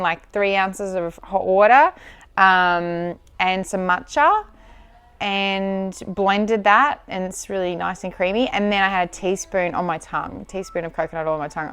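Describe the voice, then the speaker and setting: A woman's voice: mid-range voice, clear, resonant tone. A woman in her thirties vlogging from home, chatting casually to camera, blunt and encouraging and swearing freely.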